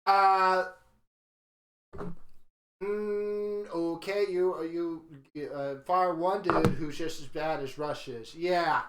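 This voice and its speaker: A man's voice: fairly high pitch, fairly even intonation, slow pace, a bit bright, reverberant, a little hiss or hum. A man co-hosting a podcast, chiming in and bluntly venting his opinions in casual chat. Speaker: podcast co-host.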